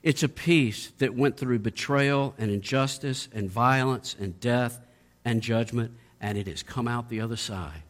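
A man's voice: medium pitch, measured pace. A middle-aged man preaching a sermon, asking strings of rhetorical questions and building to emphatic peaks. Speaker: pastor.

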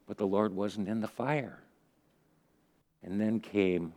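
A man giving a conversational sermon, retelling stories earnestly with pauses as he thinks. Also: fairly low pitch, fairly even intonation, mellow. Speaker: preacher.

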